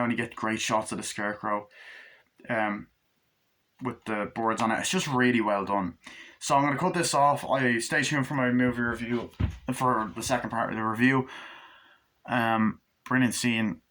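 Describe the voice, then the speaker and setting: A man giving a casual, animated film review, swearing freely and acting out scenes in quick voices. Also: mid-range voice. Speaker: movie reviewer. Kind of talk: casual spoken movie review.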